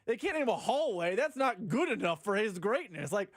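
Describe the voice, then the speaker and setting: A man co-hosting a sports radio show, needling his partner in a teasing, deadpan way. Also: sits high, normal speed, dry recording, studio quality. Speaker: radio co-host.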